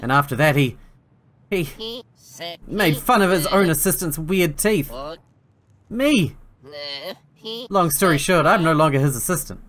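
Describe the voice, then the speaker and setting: A man's voice: a little high, lively intonation, a little slow, pauses often, fairly bright tone. A man reading aloud a game's sulky young male ex-assistant who whines about his bad teeth, in a plain voice with a self-pitying ramble. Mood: sulky, gossipy. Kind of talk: reading game dialogue aloud.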